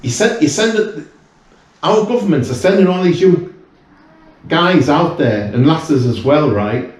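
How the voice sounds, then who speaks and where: This fairly high-pitched, expressive voice belongs to a man from the UK in his fifties, chatting casually as a guest. He takes his time, speaking earnestly but wandering and starting over many times. There's a little hiss or hum, and he's off-mic in a very reverberant room.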